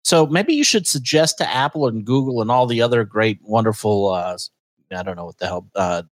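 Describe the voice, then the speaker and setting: A man hosting a casual podcast, ranting in exasperation and jumping up in pitch for emphasis. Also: expressive, a little fast, no echo, rough recording. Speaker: podcast host.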